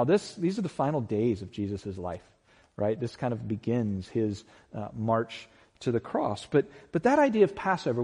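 A man preaching a sermon, conversational and animated, often turning to the listeners with questions and acting out the voices in the story. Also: a little high, breathy edge, in a large hall. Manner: animated, acts out voices in quotes. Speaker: pastor.

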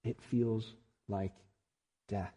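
Mellow, husky-voiced preacher in a hall. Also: male voice, on the low side, steady tone, drawn-out words. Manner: earnest and emphatic preaching with rising peaks. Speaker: pastor. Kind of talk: sermon. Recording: long reverb in a large hall.

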